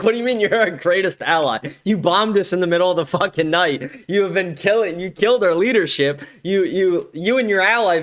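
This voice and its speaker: A man hosting a political commentary show, reacting to a clip in a mocking, profane way, laughing often and shouting when he gets worked up. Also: on the high side.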